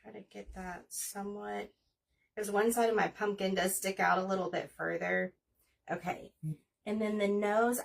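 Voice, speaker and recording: A woman's voice: medium pitch, creaky, far from the mic. A woman in her forties chatting casually and rambling as she hosts a crafting livestream. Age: 40s. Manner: chatty, rambling, talks while working.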